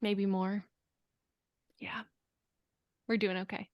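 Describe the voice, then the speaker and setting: A woman's voice: medium pitch, flat delivery, takes it slowly, dry recording, lo-fi sound. A young woman co-hosting a podcast, chatting casually and a bit rambling while her voice sounds nasal from a cold. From California. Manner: self-deprecating, rambling. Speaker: podcast co-host. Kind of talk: casual chat.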